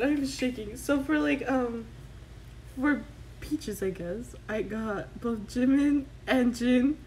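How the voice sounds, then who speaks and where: Excitable woman vlogger, high voice, unhurried gushing delivery. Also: slight background noise, rough recording. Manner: excitable, gushing, squeals in delight. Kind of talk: casual unboxing vlog.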